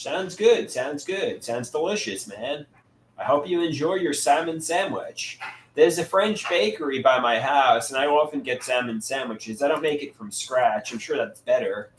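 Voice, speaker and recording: A man talking live to viewers in a lively, up-and-down voice, stumbling over his words and repeating himself as he answers the chat. The room rings with a noticeable echo, and a faint noise sits underneath. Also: fairly high pitch. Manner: halting, repeats words and restarts often. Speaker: livestream host reading chat.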